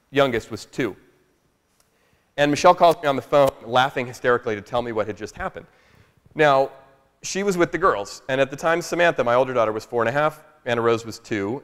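A man telling a family story to a live workshop audience in an animated, chatty way, often asking "right?". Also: on the high side. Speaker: speaker at a workshop. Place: large room with a live audience. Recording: long echo of a large hall.

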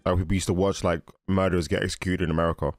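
A young man giving casual, excitable commentary while watching a film, often laughing and exclaiming. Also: sits low, very fast. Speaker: movie reaction host. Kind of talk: casual movie reaction commentary.

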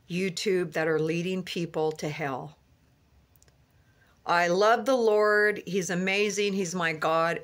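A woman's voice: mid-range voice, a bit bright. Earnest woman preaching from her car. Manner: earnest, rambling, with many restarts and "you know". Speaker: Christian vlogger. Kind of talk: fervent religious monologue.

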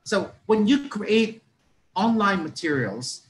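Man teaching with raised pitch. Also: very animated, slow pace, a little hiss or hum, poor audio. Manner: restarts a lot, models stressed words aloud. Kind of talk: explaining listening lessons.

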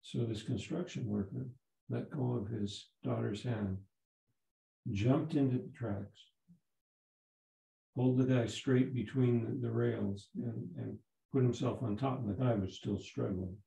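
A man in his seventies, a Zen teacher giving a dharma talk, telling a story in a halting way with many restarts. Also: mid-range voice, fairly even intonation, gravelly, warm tone. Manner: halting, repeats words and restarts. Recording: roomy echo.

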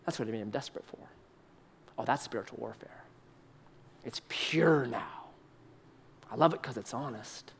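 A man preaching a sermon, swinging from loud excited bursts to soft, hushed emphasis and repeating short phrases. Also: mid-range voice, fast, gravelly, husky.

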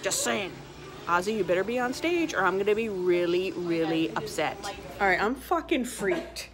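A woman vlogging on a handheld camera, gushing, swearing and exclaiming with excitement. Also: lowish voice, normal speed. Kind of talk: excited travel vlog. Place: hotel room, restaurant, outdoors.

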